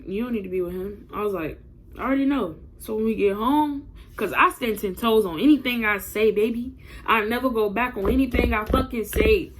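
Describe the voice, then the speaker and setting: A young woman telling a personal story to her viewers in a casual vlog, blunt and profane, talking straight to camera. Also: fairly high pitch.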